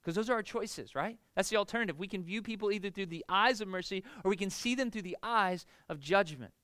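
A man in his thirties delivering a relaxed, chatty sermon, his voice high and bright. The sound is close and dry, with no room echo. He keeps checking in with the congregation as he talks. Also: fast talker. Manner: casual, animated, frequent rhetorical "right?". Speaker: pastor. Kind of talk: conversational sermon. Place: church in front of a congregation.

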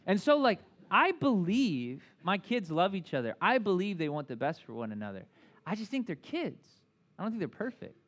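A man preaching a conversational sermon as pastor, animated and full of asides, often checking in with "right?". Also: high-pitched, moderate pace.

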